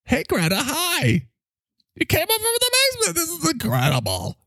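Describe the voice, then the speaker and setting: A squeaky gushing falsetto hostess. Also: male voice, huge pitch swings, moderate pace, fairly bright tone, no room sound, clean studio sound, exaggerated voice. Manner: breathy sing-song gushing.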